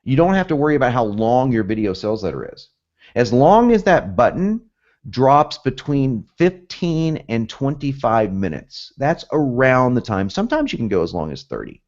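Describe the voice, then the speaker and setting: A man with a sing-song, mid-range voice and darkish tone talks at normal speed over dull audio. Coming from both the North and South of the US, he has a Southern accent with some Northern traces. His copywriting teaching is energetic and emphatic, loaded with repeated points and asides.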